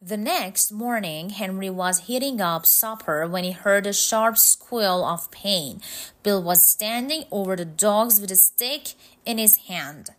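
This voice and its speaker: Slow woman reading a storybook. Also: medium pitch, fairly bright tone. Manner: slow, measured, suspenseful. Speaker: narrator. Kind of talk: storybook narration.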